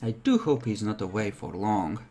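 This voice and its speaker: A man running a tabletop role-playing game on a stream, relaxed and thinking aloud as he narrates and checks the rules. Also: fairly low pitch, moderate pace. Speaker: game master.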